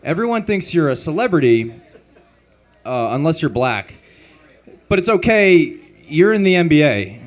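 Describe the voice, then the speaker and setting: Man doing a stand-up set. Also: fairly high pitch. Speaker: stand-up comedian. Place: comedy club stage, open mic.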